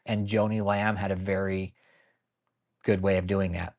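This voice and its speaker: A lowish-voiced man hosts a loose commentary stream, rambling and swearing freely as he goes. He talks bluntly and answers his viewers by name as they chime in. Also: level tone, moderate pace, pauses often, darkish tone. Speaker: channel host. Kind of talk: casual livestream commentary.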